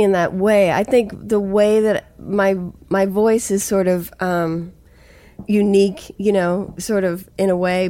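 A woman's voice: medium pitch, mellow. A woman in her forties with a Boston accent, a songwriter chatting casually in an interview and laughing often. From Massachusetts. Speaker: songwriter guest.

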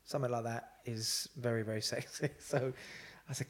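A man's voice: mid-range voice, steady tone, fairly quick, hardly any pauses. A man tells his stories in a loose, rambling way. He fills his talk with ums and acts out what people said to him. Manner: rambling with frequent fillers and quoted dialogue. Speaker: podcast guest. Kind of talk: casual storytelling.

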